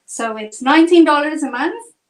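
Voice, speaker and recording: A woman's voice: high-pitched, expressive, moderate pace, low-quality recording. A woman from South Africa with a South African accent, chatting through a live acrylic painting tutorial step by step. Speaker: painting instructor.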